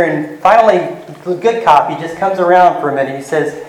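A man's voice: high-pitched, brisk, reverberant, low-quality recording. A man preaching a sermon in an earnest teaching manner, walking listeners through scripture. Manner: earnest, retells scenes with lively voices.

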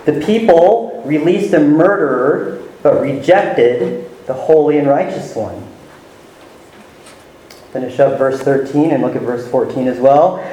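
A man's voice: a little high, slow, warm tone. Man preaching in a very echoey room. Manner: teaching verse by verse, stressing words with rising emphasis. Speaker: pastor. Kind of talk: sermon. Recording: very echoey room with faint ambience.

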